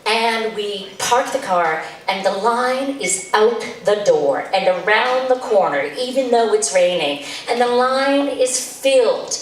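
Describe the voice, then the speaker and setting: A woman's voice: mid-range voice, animated, slow pace, few pauses, heavy reverb, far from the mic, slight background noise, poor audio. A woman telling a comic story to an audience, chatty and exasperated, slipping into voices for the people she describes. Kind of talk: live storytelling set.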